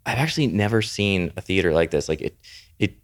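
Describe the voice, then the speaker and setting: A young man co-hosting a podcast, telling stories in a rambling, animated way and saying "dude" and "like" a lot. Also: sits low, a little fast. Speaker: podcast co-host. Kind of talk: casual chat.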